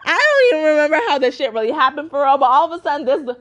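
A woman's voice: very animated, rapid-fire, dull audio. A woman in her twenties hosting a podcast, ranting casually and swearing a lot, with many fillers. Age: 20s. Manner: profane, emphatic, full of fillers; mocking high voice when quoting others. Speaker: podcast host.

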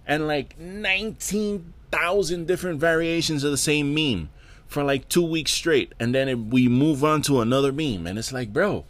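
A man with a slightly high voice hosts his own podcast, ranting solo at a moderate pace. He sounds exasperated, swears freely, and keeps repeating words in this casual monologue.

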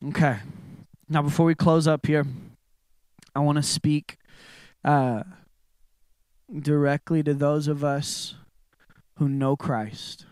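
A young adult man preaching a sermon in a relaxed, conversational way, full of fillers and asides. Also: fairly high pitch, takes it slowly, long pauses, clean tone, no echo. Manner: conversational storytelling with frequent fillers.

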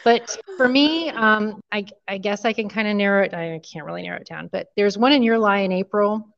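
A woman's voice: medium pitch, a little fast, creaky. A middle-aged woman co-hosting a podcast, gushing emotionally in casual chat and often trailing off. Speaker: podcast co-host. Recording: dull lo-fi sound.

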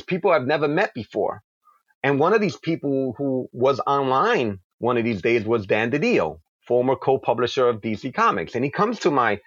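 A comic book creator from New York speaks in a husky, fairly bright, mid-range voice, answering interview questions with animated stories. They come out passionate and quick, with acted asides, on a lo-fi recording with no room sound.

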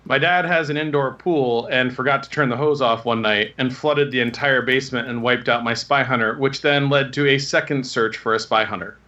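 A man in his thirties telling rambling, animated anecdotes in casual conversation. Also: medium pitch, fairly quick, hardly any pauses, dull audio. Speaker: guest telling stories. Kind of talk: casual storytelling.

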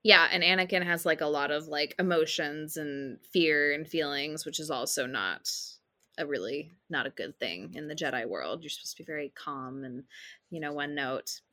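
Woman, lowish, bright tone, casual co-host full of fillers. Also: moderate pace. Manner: chatty, many "like" fillers, opinionated. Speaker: podcast co-host. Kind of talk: casual chat about films.

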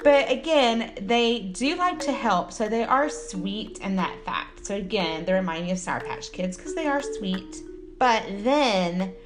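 A woman in her forties from Texas chats casually on a podcast, cracking jokes and cursing freely. Her voice sits at a middling pitch. Clear music plays behind her the whole time. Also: lively intonation, unhurried. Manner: joking, swears freely, laughs often. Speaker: podcast co-host. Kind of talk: casual chat.

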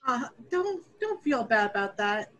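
Chatty woman guest, slightly high voice. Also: big pitch swings, a little slow, fairly bright tone, rough recording. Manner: candid, chatty, laughs at herself. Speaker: guest dungeon master. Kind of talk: casual interview chat.

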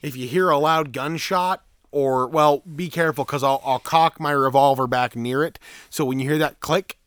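A man's voice: on the high side, moderate pace, a bit bright, smooth, dry recording. A man chatting on a podcast, crude and rambling, laughing at his own jokes. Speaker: podcast co-host. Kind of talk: crude casual podcast banter.

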